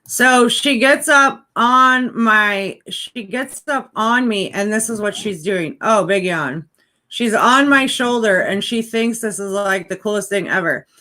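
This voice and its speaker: A woman's voice: medium pitch, unhurried, sharp tone. A woman chatting casually in a home vlog, rambling and cooing to a puppy on her lap. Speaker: vlogger. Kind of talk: casual chat. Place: home indoors.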